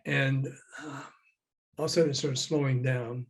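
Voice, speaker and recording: An older man, a former record promoter, telling lively anecdotes as an interview guest over a video call, acting out the people he quotes. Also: medium pitch, normal speed. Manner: lively raconteur who acts out the people he quotes.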